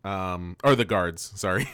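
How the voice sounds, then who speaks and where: A man co-hosting a casual podcast, recapping a cartoon episode with frequent laughter and quick silly voices for the characters. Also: sits low, a bit bright, clean tone, no echo, studio quality. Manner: laughs often, loose and profane, acts out lines in quick silly voices. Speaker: podcast co-host.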